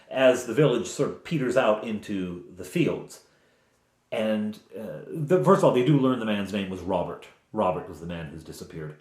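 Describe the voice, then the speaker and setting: Low-voiced game master, echoey room. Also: male voice. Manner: relaxed, rambling, with fillers. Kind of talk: narrating a tabletop game.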